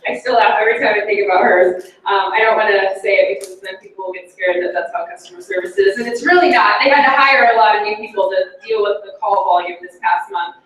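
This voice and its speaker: A woman's voice: mid-range voice, quick pace, hardly any pauses, fairly bright tone. A woman leading a meeting, talking in a casual, chatty, upbeat way with many fillers and little laughs. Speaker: team leader speaking at a meeting. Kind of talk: casual motivational talk to a group. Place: meeting room with a live audience. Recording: very echoey room, mic far off.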